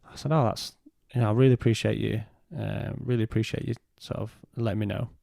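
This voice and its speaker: A man, a podcast guest, telling a personal story in a halting way and retelling what was said in his own words. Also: on the low side, fairly even intonation, creaky, mellow, dry recording, clean studio sound.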